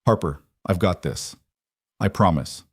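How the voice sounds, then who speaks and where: A man voicing a powerful man who is a gentle, earnest father in a narrated story, speaking calmly and reassuringly. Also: sits low, measured pace, dry recording, clean studio sound. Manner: calm, reassuring.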